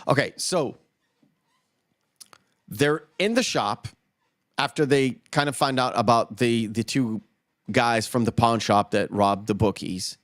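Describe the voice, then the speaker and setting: A man's voice: mid-range voice, no echo, clean studio sound. A man co-hosting a casual movie podcast, recapping scenes in a rambling way with lots of fillers. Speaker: podcast co-host.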